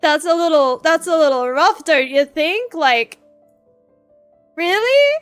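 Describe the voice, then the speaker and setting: A woman's voice: sits high, normal speed, faint music behind. A young woman streaming while drawing, rambling in a frustrated, self-deprecating way into a desk mic. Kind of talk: casual chat while drawing.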